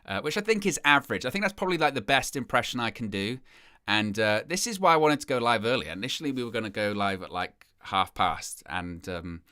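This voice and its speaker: A young man hosting a fan live stream, with a bright, forward voice. He chats casually, rambles and repeats himself, and keeps putting himself down. The sound is dry and close to the mic. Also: medium pitch, smooth, dry recording. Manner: chatty, rambling, self-deprecating, repeats phrases.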